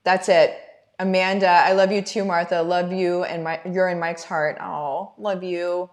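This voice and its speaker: A woman's voice: lowish voice, level tone, a little slow. A middle-aged woman hosting a motivational livestream, talking fervently and directly to her viewers in a preachy way. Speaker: business coach and livestream host.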